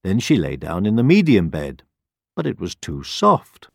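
A man narrating a children's story in a slow, very expressive voice. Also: deep voice, gravelly, dry recording, clean studio sound. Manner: slow and very expressive, rising and falling.

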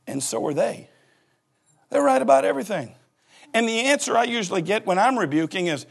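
A man's voice: high-pitched, expressive, fast, creaky, slightly rough. A man in his forties, a pastor giving a humorous sermon and acting out little scenes as he laughs. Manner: joking storyteller who acts out voices and laughs.

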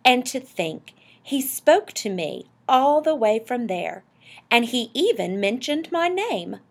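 An enthusiastic, dreamy husband from a storybook talks eagerly and excitably, as a woman reader puts him on. The voice is husky and lively in pitch. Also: slow, full character voice.

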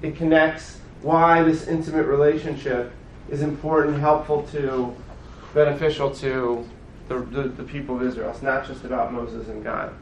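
A man teaching a class as a rabbi, in casual classroom style, animated and often checking in with his listeners. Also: mid-range voice, moderate pace, gravelly, few pauses, reverberant, slight background noise, low-quality recording. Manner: animated, acts out voices of the story, frequent "right?".

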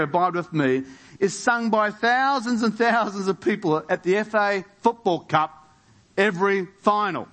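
A man preaching a sermon in a church, his voice sitting a little high for a man. He builds toward emphatic rhetorical questions and leans into key phrases. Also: a little slow, a bit bright. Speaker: pastor.

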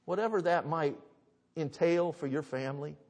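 A man's voice: on the high side, normal speed, darkish tone. A man pastor preaching a sermon, telling the story dramatically with emphatic rhetorical questions. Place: church sanctuary. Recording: reverberant church hall.

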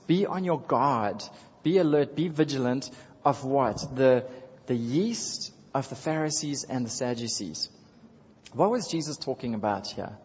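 A pastor's mid-range, darkish voice carries lively intonation at a slightly slow pace as he chats through a sermon to his congregation, repeating phrases, chuckling, and speaking right to them. Recorded in a church sanctuary, it sounds dull with long hall reverb and slight background noise.

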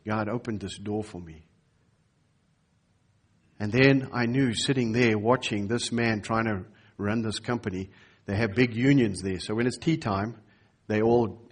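Husky-voiced man preaching a sermon. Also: fairly low pitch. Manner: storytelling, acts out quoted voices. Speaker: pastor. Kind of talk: sermon with personal story.

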